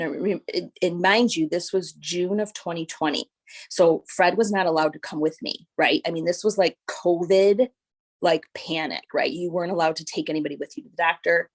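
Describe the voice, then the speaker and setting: Woman telling her story with a gravelly edge. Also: fairly low pitch. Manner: animated storytelling, acting out quoted voices; frequent fillers like "like" and "right?". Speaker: guest sharing her story. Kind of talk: personal testimony.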